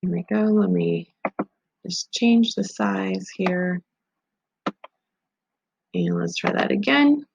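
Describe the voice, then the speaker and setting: A woman's voice: on the low side, huge pitch swings, takes it slowly, gravelly, pauses often, darkish tone, breathy edge. A woman teacher giving a recorded grammar lesson, patient and methodical, walking through examples step by step. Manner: patient, methodical, talks through on-screen steps. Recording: slightly dull lo-fi audio.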